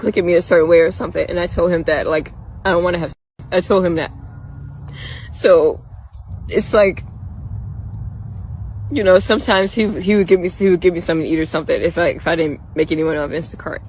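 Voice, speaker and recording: A woman rambling in a personal vlog outdoors in a park, soft-spoken and halting, repeating her words. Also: low-pitched, slight background noise, rough recording.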